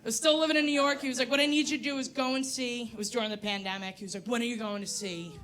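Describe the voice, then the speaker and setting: Woman in her 40s, stand-up comic; high, bright, brash and profane, working a club crowd on a stage mic. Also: steady tone, very fast, a little hiss or hum. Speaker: stand-up comedian. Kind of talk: stand-up comedy set.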